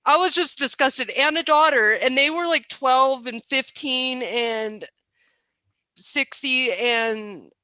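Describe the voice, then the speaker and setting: Bright, high-voiced chatty woman. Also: slow, no room sound. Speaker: conference panelist. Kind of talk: casual panel talk.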